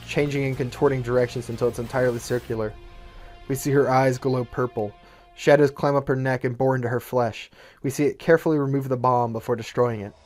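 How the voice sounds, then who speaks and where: A man's voice: mid-range voice, darkish tone. Man narrating a fan-written action script. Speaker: storyteller.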